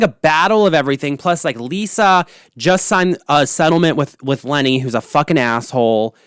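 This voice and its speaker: A man's voice: fairly high pitch, animated, moderate pace, clear, resonant tone, dry recording, clean studio sound. A man hosting a podcast alone, ranting about reality TV in a casual, profane, rambling way full of fillers. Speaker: podcast host. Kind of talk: casual solo podcast rant. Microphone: podcast microphone.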